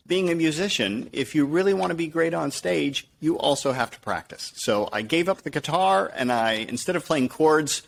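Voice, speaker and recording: A man's voice: a little high, normal speed, gravelly, hardly any pauses. A man, a professional speaker, talking in an interview and acting out quotes as he tells stories. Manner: animated storyteller, acts out quotes. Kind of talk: conversational interview.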